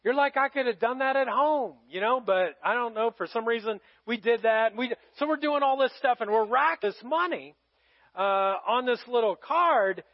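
Male pastor, middle-aged, high-pitched, dry close sound, slightly dull audio, chatty sermon storytelling. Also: normal speed, dry recording. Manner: conversational, dramatic swings from loud to hushed.

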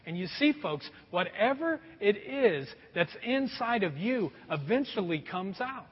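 A middle-aged pastor with a high, slightly husky voice preaches a very animated, folksy sermon, speaking a little slowly and often calling out to the congregation. Long hall reverb and a slightly dull tone make it sound like a church sanctuary recording.

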